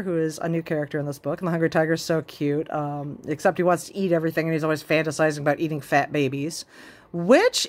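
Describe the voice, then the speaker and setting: Chatty low-voiced woman retelling a book. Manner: chatty, laughing, many fillers. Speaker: book vlogger. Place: inside a car.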